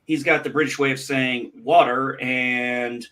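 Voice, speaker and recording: A man's voice: mid-range voice, fairly even intonation, a little slow, pushed and bright. A man from the United States in casual chat, curious and rambling, restarting his sentences often.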